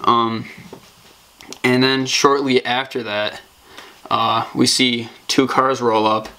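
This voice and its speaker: A man's voice: mid-range voice, little pitch movement, slow, sharp tone, a little hiss or hum. A young man co-hosting a podcast, telling a story in loose casual chat with many fillers and laughs. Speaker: podcast co-host.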